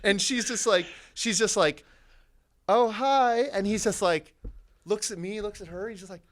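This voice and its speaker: Profane, animated young man telling stories. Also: high voice, moderate pace. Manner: profane, animated, laughing often. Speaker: podcast guest. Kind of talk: casual storytelling.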